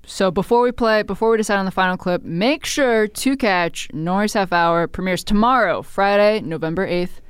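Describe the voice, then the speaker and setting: A woman hosting a casual interview, chatting with quick, eager affirmations. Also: medium pitch, smooth, no echo, clean studio sound. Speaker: host.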